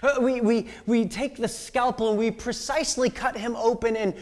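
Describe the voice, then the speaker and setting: A male pastor preaching a sermon, telling a story with quoted voices and swinging between loud outbursts and hushed whispers. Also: very high-pitched, steady tone, normal speed.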